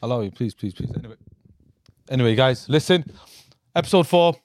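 Young bloke, excitable podcast banter, talks fast, dry room. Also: male voice, medium pitch, no room sound. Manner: animated, excitable, laughs often. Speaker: podcast co-host.

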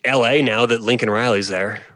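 A man co-hosting a sports podcast, talking in an easygoing, agreeable way with a teasing edge. His pitch is ordinary, and the sound is close and dry with no room around it. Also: fairly even intonation, a little fast, a bit bright, no echo. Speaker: podcast co-host. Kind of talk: casual sports chat.

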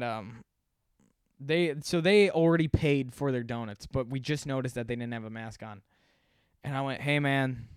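A man's voice: fairly high pitch, clear, resonant tone, dry recording, studio quality. Rambling, profane male storyteller. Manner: rambling, self-deprecating, profane, many fillers. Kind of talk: casual storytelling.

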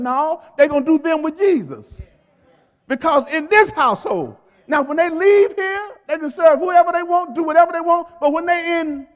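Male pastor, very high voice, call-and-response sermon with emphatic stresses, long hall reverb. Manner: call-and-response preaching, urging the congregation to repeat words; emphatic, drawn-out stresses on key phrases. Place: church sanctuary.

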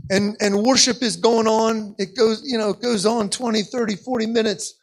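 A man's voice: high voice, fairly even intonation, moderate pace. A man preaching a sermon, telling a story with lots of repeated words and a frequent "okay?" to the listeners. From United States.

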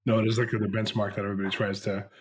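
A man with a lowish voice hosts a casual interview. He mostly chimes in with brief affirmations and asks a follow-up question now and then. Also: level tone, racing. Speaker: interviewer host.

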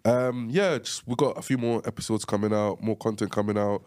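Laid-back podcast guest, slangy. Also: male voice, lowish voice, steady tone, a little fast, darkish tone, clear, resonant tone. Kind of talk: casual chat.

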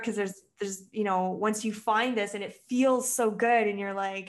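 A woman's voice: mid-range voice, moderate pace. A woman guest on a podcast, a mindset coach, chatting casually and animatedly. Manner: animated, swings into playacted quotes. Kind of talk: casual chat.

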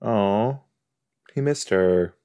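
A man's voice: fairly low pitch, drawn-out words, warm tone, clean tone. A man chatting casually on a couch as he reacts to a TV episode, rambling, easily sidetracked and often breaking into exclamations. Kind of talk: casual watch-along chat. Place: indoors on a couch.

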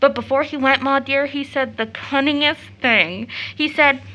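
A playful, impulsive young woman, as an actress reads her part speaks in a bright, forceful voice that sits a little high. She gushes and teases with easy affection in this stage play reading. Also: fairly even intonation, moderate pace, highs cut off. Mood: excited. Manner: effusive, gushing, teasing.

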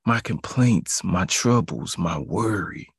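Male preacher, low gravelly voice, slow and emphatic, built on repeated phrases. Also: lively intonation, dry recording, clean studio sound. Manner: emphatic, repetitive preaching cadence. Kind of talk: devotional sermon.

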